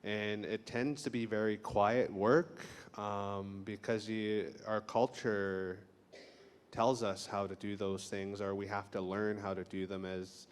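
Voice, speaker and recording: A man with a low, even and smooth voice offers heartfelt public thanks, pausing and restarting softly. His words carry a long reverb from a large hall. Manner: soft-spoken, halting with restarts. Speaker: event speaker giving thanks. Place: lecture hall.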